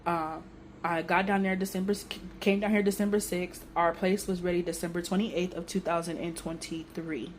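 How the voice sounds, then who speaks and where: A young woman telling a personal story on her vlog in a casual, emotional, animated way with everyday slang. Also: on the low side, normal speed, a little hiss or hum. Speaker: vlogger.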